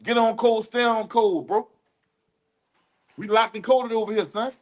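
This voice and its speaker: A man co-hosting a casual livestream podcast, talking in loose street slang with drawn-out emphatic asides. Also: sits high, steady tone, darkish tone. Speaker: podcast co-host.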